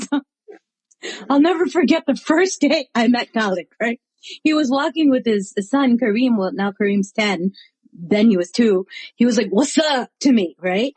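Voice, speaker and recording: A woman guest in an interview, telling stories in a lively, animated way with frequent laughter and acted-out dialogue, with an American accent. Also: on the high side, normal speed, slightly rough, no room sound, rough recording. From United States. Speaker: interview guest, artist and chaplain. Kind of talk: animated storytelling in conversation.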